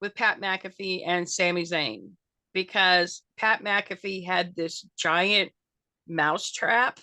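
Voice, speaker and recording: A woman's voice: lowish voice, takes it slowly, sharp tone, no room sound. An older woman chatting as an interview guest, rambling with lots of fillers and restarts. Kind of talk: casual interview chat.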